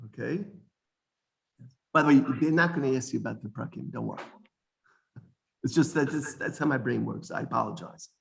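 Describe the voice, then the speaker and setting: Gravelly man teaching a class. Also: medium pitch, moderate pace, pauses often, a little hiss or hum. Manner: explains points and quizzes the class with questions; digressive, corrects his own wording. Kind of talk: classroom lesson.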